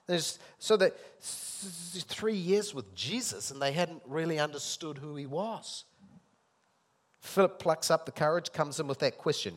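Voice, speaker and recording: Emphatic male preacher, loud to soft. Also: on the high side, animated, moderate pace. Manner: acts out dialogue, swings between loud emphatic and soft intimate. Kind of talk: sermon.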